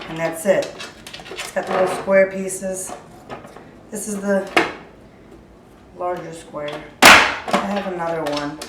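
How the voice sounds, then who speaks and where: A woman with a lowish voice chats casually while cooking in her home kitchen, talking through each step of the demonstration. She's off-mic and far away in an echoey room, with heavy background noise from clattering dishes, utensils and drawers.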